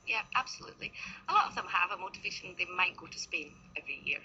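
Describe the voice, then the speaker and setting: A woman guest on a radio show who directs studies at a language school, agreeable and quick to laugh lightly. Her voice sits fairly low and moves a lot in pitch. The sound is dull broadcast radio. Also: expressive, vocal fry, pushed and bright, slight background noise.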